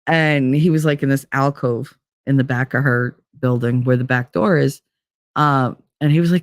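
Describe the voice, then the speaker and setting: Talking at a moderate pace in a low register, a podcast host meanders through a lengthy story from her own life, dropping "like" constantly. The studio audio is clean and free of echo.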